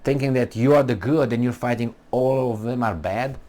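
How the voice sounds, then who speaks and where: A man's voice: medium pitch, moderate pace, darkish tone. A man giving an emphatic political monologue, full of rhetorical questions and restarts. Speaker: political commentator.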